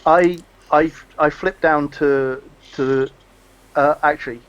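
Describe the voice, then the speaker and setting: A man's voice: on the high side, fairly even intonation, takes it slowly, smooth. A man playing a tabletop game who thinks aloud and hesitates over his character's actions. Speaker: player. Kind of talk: casual tabletop play. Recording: lo-fi microphone.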